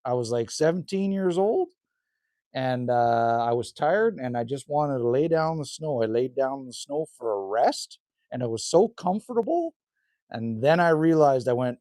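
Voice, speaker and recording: Middle-aged Canadian man, folksy livestream host, slightly hoarse, lively pitch. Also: normal speed, no echo, studio quality. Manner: folksy, chatty, drops "hey?" and "man". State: a little hoarse. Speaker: livestream host reading chat. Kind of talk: casual live chat. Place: rural cabin indoors.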